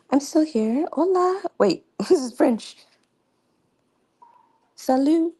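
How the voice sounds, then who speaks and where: A woman's voice: high voice, expressive, slow pace, warm tone. A young woman hosting a casual livestream, chatty and laughing often, with many fillers. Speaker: livestream host.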